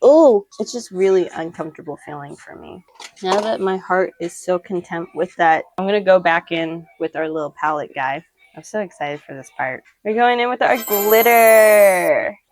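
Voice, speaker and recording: A woman's voice: fairly low pitch, normal speed, darkish tone. A young woman chatting casually through a makeup tutorial at home, rambling, giggling and swearing offhandedly while talking to the camera. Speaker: makeup vlogger.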